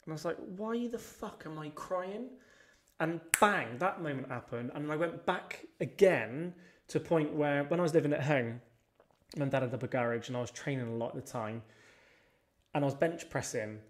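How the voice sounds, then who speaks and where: A man talks as a podcast guest, retelling personal stories in a loose, casual way. He is blunt and swears freely, with lively shifts in his telling. His voice sits at an ordinary middle pitch for a man. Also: moderate pace. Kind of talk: casual storytelling chat.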